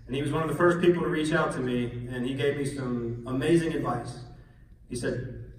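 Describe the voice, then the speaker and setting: A man's voice: mid-range voice, normal speed, slight background noise. A man in his forties, the son, giving a funny and earnest memorial tribute with self-deprecating stories. He chuckles often as he talks. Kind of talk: humorous eulogy storytelling. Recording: echoey hall recorded from far off.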